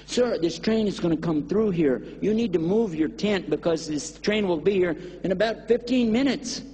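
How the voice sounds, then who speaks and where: A man's voice: animated, normal speed, dark tone, big-room sound, slight background noise. A man with a Texan accent voicing a pleading man who urgently warns a stranger about a coming train. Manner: urgent, pleading, climbing high.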